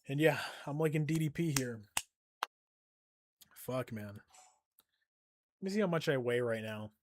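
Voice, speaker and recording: This young man has a mid-range voice with no echo, and he's chatting casually while live-streaming a game. He swears constantly, jokes and laughs a lot, and sounds tired.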